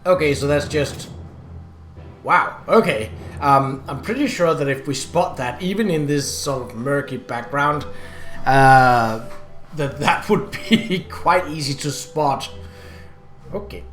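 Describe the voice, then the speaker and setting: A man talking casually over his gameplay, halting and unhurried, with frequent ums and restarted words. His voice sits in an echoey room, with faint game music in the background. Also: fairly high pitch, lively intonation, fairly bright tone. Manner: hesitant, many ums and restarts. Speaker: let's play gamer.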